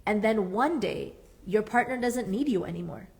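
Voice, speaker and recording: Woman therapist, workshop speaker, emphatic and animated, mid-range voice. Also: mid-range voice, moderate pace, gravelly. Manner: earnest, emphatic, repeats key phrases. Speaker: psychotherapist leading a marriage workshop. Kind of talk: workshop talk.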